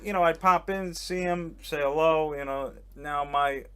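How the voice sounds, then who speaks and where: A man who works as a comedian tells a story in an animated, rambling way and laughs at himself. His voice sits a little high for a man. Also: measured pace, smooth. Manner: animated, rambling, self-mocking. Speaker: comedian guest. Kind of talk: casual storytelling. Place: on a boat in a harbor.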